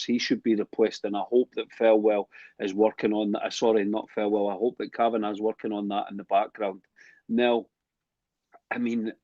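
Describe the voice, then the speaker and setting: Brief: low-pitched male co-host, heated ranter, muffled dry remote audio. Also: a little mellow, no room sound. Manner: ranting, heated. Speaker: podcast co-host. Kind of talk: casual football chat.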